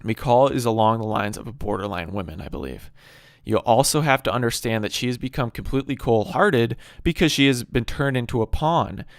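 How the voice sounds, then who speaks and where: A man's voice: medium pitch, animated, brisk, no echo, clean studio sound. A man giving a preachy monologue on a Bible story, emphatic and fond of rhetorical questions and repeated phrases. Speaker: video commentator on Bible stories.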